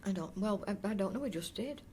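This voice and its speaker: Over a faint hiss or hum, an older woman from North East Derbyshire, England, recalls the past in an oral history interview. Her medium-pitched voice is warm, expressive and fast, and her chatty, rambling talk is full of restarts and fond asides.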